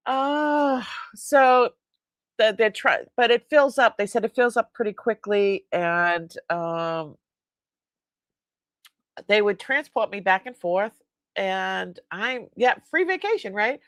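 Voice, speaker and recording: A woman hosts her live-sale stream from home, telling stories in a loose, chatty way and laughing often as she acts out bits of conversation. Her voice sits in an ordinary middle pitch. The sound is dry, with no room echo. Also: lively intonation, a little slow, a bit bright. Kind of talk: casual live-stream chat.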